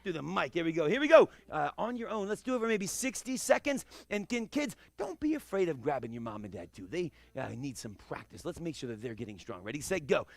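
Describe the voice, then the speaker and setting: A man leading a kids' karate class, energetic and playful, breaking into loud kiai yells as he demonstrates moves in an indoor studio. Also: on the high side, brisk, vocal fry, hardly any pauses, no room sound. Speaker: karate instructor.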